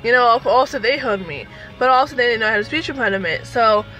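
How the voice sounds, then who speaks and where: A woman's voice: a little high, fast, soft background music, rough recording. A woman in her thirties telling a personal story in a casual, chatty way, full of fillers. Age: 30s. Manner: chatty, animated, lots of fillers. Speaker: vlogger.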